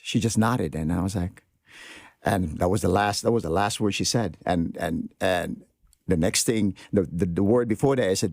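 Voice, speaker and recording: Male podcast guest: deep, gravelly voice, recorded dry, speaks in an earnest, reflective way. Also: darkish tone, no echo. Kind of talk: casual podcast conversation.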